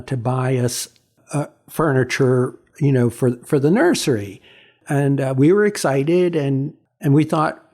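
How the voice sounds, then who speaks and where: A man in his sixties, a photographer being interviewed, telling stories in a halting way with many repeats and fillers. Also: medium pitch, warm tone. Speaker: photographer, guest. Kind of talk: reflective storytelling in an interview.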